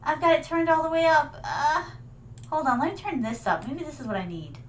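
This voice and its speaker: A woman's voice: sits high, lively intonation, a little fast, a little hiss or hum. A woman streamer reacting live in a theatrical, regal manner, calling her viewers "my darlings" and dropping Japanese fillers. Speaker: vtuber streamer.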